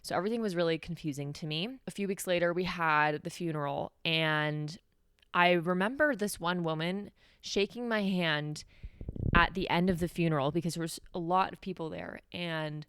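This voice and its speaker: Young woman podcast host, lowish smooth voice, candid and chatty, dry close sound. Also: moderate pace, fairly bright tone, no echo. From New Mexico, USA. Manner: candid, conversational, heavy use of "like". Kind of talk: solo podcast storytelling.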